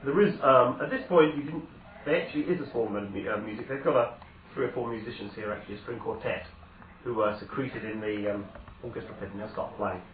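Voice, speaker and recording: A man's voice: lowish voice, quick pace, a little hiss or hum. A man narrates a tabletop game as game master, talking conversationally and correcting himself as he goes. His voice is thin and phone-like, set far back in an echoing room. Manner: conversational, with hesitations and self-corrections. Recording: echoey, distant, phone-like sound.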